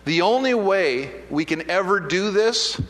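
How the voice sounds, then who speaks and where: Male pastor, high and bright, conversational sermon storytelling, long hall reverb. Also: animated, unhurried. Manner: conversational, self-deprecating storytelling with many restarts.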